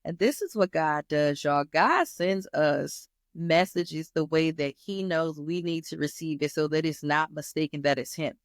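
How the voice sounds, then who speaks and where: A woman's voice: deep voice, unhurried, hardly any pauses, dry recording, studio quality. A woman hosting her own show, speaking candidly and with animation about her personal journey, calling her listeners "y'all". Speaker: host. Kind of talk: personal testimony.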